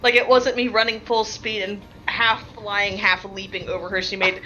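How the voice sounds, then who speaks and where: A woman's voice: medium pitch, little pitch movement, moderate pace, sharp tone, highs cut off, a little hiss or hum. A woman who plays in a tabletop game, recapping a session casually, rambling and laughing, with lots of filler words.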